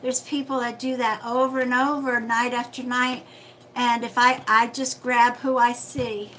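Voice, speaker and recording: A woman's voice: a little high, little pitch movement, a little slow, sharp tone, a little hiss or hum, poor audio. A woman hosting a casual livestream as a psychic reader, chatty and friendly, calling viewers sweetheart.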